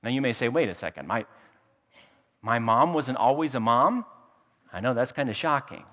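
A man's voice: medium pitch, animated, moderate pace, fairly bright tone. A man pastor delivering a sermon in a storytelling, humorous way, often repeating his words as he goes. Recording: long hall reverb.

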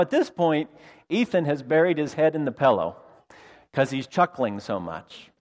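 A middle-aged man preaching a sermon, telling a family story with lively quoted voices. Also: medium pitch. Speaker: pastor.

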